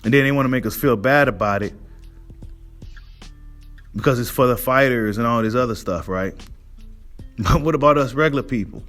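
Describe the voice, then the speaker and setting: A man's voice: mid-range voice, moderate pace, long pauses, fairly bright tone, faint music behind. A man hosting a boxing monologue, ranting in a heated, profane way and asking his audience "right?" again and again. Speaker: boxing commentary host. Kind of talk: casual rant monologue.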